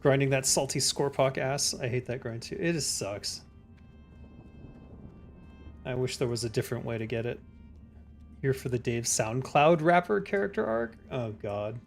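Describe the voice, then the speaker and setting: Male streamer, mid-pitched, laid-back chat with viewers, faint music underneath. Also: moderate pace, creaky, long pauses. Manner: relaxed, chatty, reads chat aloud and answers it. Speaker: game streamer. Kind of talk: casual live-stream chat while gaming.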